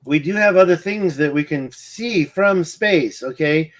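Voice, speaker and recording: An independent researcher with a fairly high, slightly slow and somewhat bright voice rambles through a screen-share of satellite maps. He mutters, restarts sentences, corrects himself and gets distracted by his own hiccups while his eye twitches.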